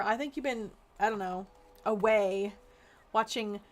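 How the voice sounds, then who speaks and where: A woman's voice: medium pitch, unhurried. A woman with a stuffy nose giving casual, playfully sarcastic commentary while playing a video game. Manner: playful, sarcastic banter at the screen. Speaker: gameplay video creator.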